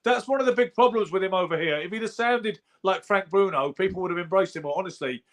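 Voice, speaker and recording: Fast-talking, insistent Englishman. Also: sits high. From England. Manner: insistent, emphatic. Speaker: podcast co-host. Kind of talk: argumentative boxing chat.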